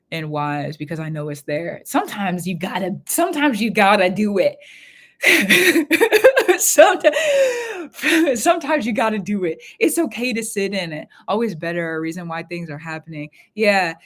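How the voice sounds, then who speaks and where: A woman hosting a spiritual reading live stream from her room at home, talking in a rambling, heartfelt way and repeating her phrases. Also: lowish voice. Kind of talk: casual live-stream talk.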